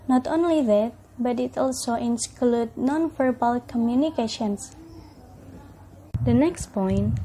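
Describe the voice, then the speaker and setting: A young woman reads out a class presentation at an unhurried, measured pace. Her pitch sits a little high, but the tone is soft and mellow. Each phrase is read carefully, with short pauses in between. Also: slight background noise, rough recording. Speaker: student presenter.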